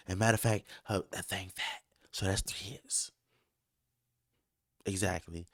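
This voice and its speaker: A man's voice: deep voice, steady tone, measured pace, no echo, clean studio sound. A man hosting a casual podcast, joking and boasting in slangy talk. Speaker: host.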